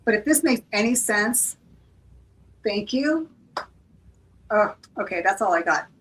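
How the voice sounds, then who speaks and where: A woman reading tarot cards on a casual live stream at a middling pitch. She rambles with lots of fillers and keeps apologizing for what comes out. Her voice sits a bit back from the microphone. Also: lively intonation, measured pace, a bit bright, distant mic, slight background noise, low-quality recording. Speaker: tarot reader, co-host.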